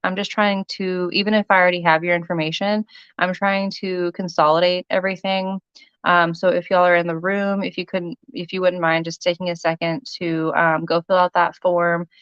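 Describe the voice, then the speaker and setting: Chatty woman, smooth dull dry voice. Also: on the low side, a bit bright, no echo. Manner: chatty, many ums, thanks viewers by name. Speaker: live-sale jewelry seller. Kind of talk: casual livestream selling.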